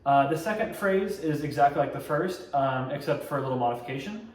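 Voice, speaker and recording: Young male drumline tutor, relaxed step-by-step delivery, distant mic in a roomy space with loud noise behind. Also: a little high, fairly quick. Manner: relaxed, explains step by step, scats drum rhythms. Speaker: drumline instructor. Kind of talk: casual instructional tutorial.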